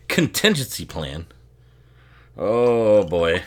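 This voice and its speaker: A man talks his way through a movie in a casual, rambling watch-along commentary, laughing often and swearing freely. His pitch bounces around in a lively, animated way, and his pace is unhurried as he sips bourbon between remarks.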